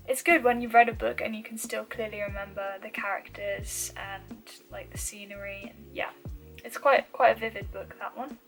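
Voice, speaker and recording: A woman's voice: mid-range voice, gravelly, low-quality recording. Chatty young woman talking books. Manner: chatty, with frequent ums and soft trailing asides. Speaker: book vlogger. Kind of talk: casual chat to camera.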